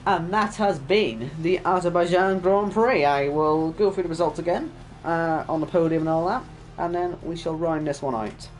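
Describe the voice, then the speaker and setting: A man, hoarse and worn out, casually wrapping up an esports race stream and chatting with viewers. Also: a little high, moderate pace, slight background noise. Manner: chatty, reads chat aloud, self-deprecating. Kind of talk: casual stream sign-off commentary.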